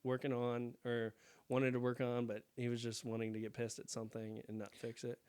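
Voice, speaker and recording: This podcast co-host is a young man whose mid-range voice runs a little fast with a clean tone. Chatting casually, he spins stories with lots of laughter, swearing and animation.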